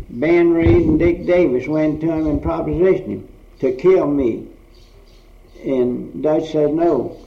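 An older man telling blunt, rambling stories from his past in casual chat, swearing freely. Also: fairly high pitch. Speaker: storyteller recalling old times. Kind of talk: casual oral history storytelling. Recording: roomy, dull old tape recording.

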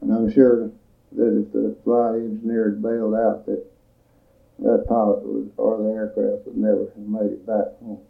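An older man, a veteran, recalling his wartime service in a plain-spoken, measured storytelling manner for an oral history recording. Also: on the low side, monotone, gravelly. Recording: tinny lo-fi tape recording.

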